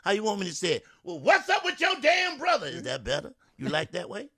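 A man's voice: high voice, very fast, fairly bright tone, dry recording, studio quality. A man playing a defensive, flustered young girlfriend in an improv comedy scene, dodging questions and squealing up an octave when pressed. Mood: snippy.

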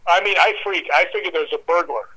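The recording is rough, and the man's slightly high voice moves at a quick pace. He is a guest storyteller in an interview, narrating a dramatic anecdote from his life with lively energy while voicing characters and growling like a dog.

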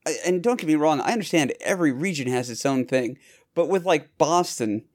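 A man's voice: fairly high pitch, lively intonation, a little fast, a little mellow. A man hosting a podcast, talking casually in a rambling, self-correcting way. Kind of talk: casual chat.

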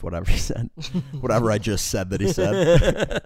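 A man's voice: mid-range voice, sing-song, moderate pace, darkish tone, no echo, studio quality. A young man casually telling a work story, rambling with lots of fillers and frequent laughs.

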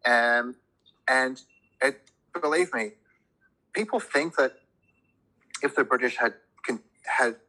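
A man with a bright, forward tone and a husky edge to his voice talks in loose podcast chat. He rambles with frequent restarts and swears freely when he gets worked up, arguing his point with strong opinions. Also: medium pitch, takes it slowly, long pauses, rough recording. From immigrant to a Commonwealth country.

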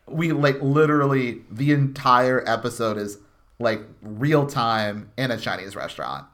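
A man's voice: mid-range voice, lively intonation, fairly bright tone. Rambling man podcast co-host. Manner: halting, riffing, full of restarts and "like". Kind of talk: casual chat.

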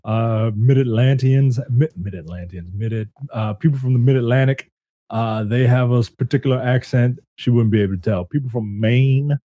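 A man co-hosting a casual gaming podcast, joking and telling animated stories. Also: medium pitch, normal speed, no echo, clean studio sound. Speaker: podcast co-host.

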